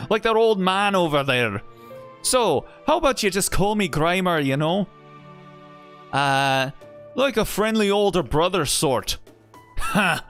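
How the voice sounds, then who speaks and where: A man's voice: fairly high pitch, creaky, fairly bright tone, pitched above the performer's own voice. Guy doing a smug irish sage from a game, teasing and breezy, voice bouncing all over. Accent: put-on Irish. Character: cocky, affable grown man sage, Irish. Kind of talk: voicing a game character while reading aloud.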